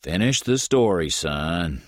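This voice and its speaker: A man reading aloud, voicing a calm older male small-town lawman who talks in a slow, measured way. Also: low voice, no echo, studio quality, full character voice.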